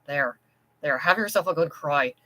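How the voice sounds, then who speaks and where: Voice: medium pitch, normal speed, sharp tone, close to an everyday voice. A reader voicing a blunt, protective chambermaid in an audiobook story. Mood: fierce. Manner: blunt, plainspoken.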